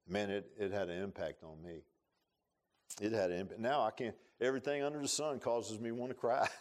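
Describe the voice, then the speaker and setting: A man preaching an earnest, emotional sermon in a church, with rising bursts and soft confessional drops. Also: deep voice. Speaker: pastor. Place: church sanctuary.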